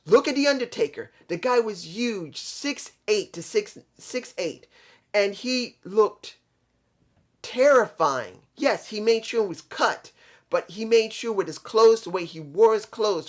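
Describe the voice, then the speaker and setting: A middle-aged man talking earnestly in a casual, rambling monologue, often repeating himself as he explains a point. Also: high-pitched. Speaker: vlog host. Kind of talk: casual monologue on pro wrestling.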